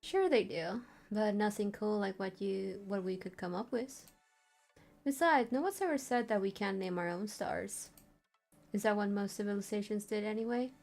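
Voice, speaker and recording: A woman's voice: mid-range voice, moderate pace, vocal fry, darkish tone, soft background music, natural voice. Gal reading out a smug pushy guy from a dating game, teasing, flirty, possessive.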